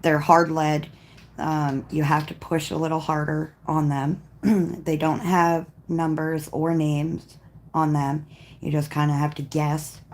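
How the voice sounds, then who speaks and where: A woman hosting a live coloring stream, chatting casually in a rambling way and often clearing her throat as she works. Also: low-pitched, little pitch movement, takes it slowly. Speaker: coloring livestream host. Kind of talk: casual livestream chat while coloring.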